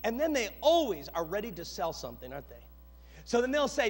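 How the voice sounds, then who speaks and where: A male pastor preaching a sermon with animated storytelling and dramatic pauses. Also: sits high. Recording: long echoey hall reverb.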